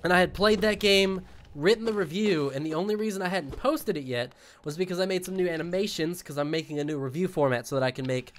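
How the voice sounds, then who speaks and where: A man's voice: high voice, quick pace, fairly bright tone, a little hiss or hum. A man chatting casually to his viewers while streaming a game, joking and rambling. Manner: jokey, rambling, talks to chat while playing. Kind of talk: casual gaming stream chat.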